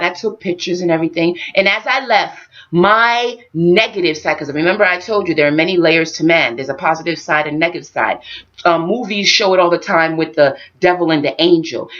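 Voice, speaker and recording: A woman's voice: lowish voice, muffled recording. A woman vlogger telling a story and giving spiritual life advice, talking straight to her viewers. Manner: expressive, addresses viewers directly. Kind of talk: animated storytelling monologue.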